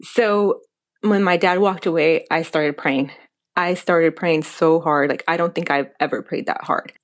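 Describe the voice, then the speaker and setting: A young adult woman telling a personal story as a podcast guest, animated and acting out quoted dialogue. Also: low-pitched, measured pace.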